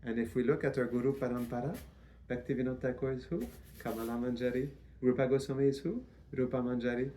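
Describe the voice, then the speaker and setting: A man giving a devotional lecture as a spiritual teacher, in a measured, reverent way with frequent restarts. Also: medium pitch, fairly even intonation, warm tone, a little hiss or hum.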